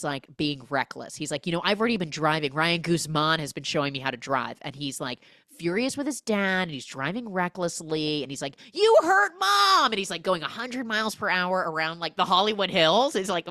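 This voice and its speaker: A young adult woman hosting a casual, comedic film recap podcast, acting out the characters' lines in quick, exaggerated voices. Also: fairly low pitch, lively intonation, a bit bright, no room sound, clean studio sound.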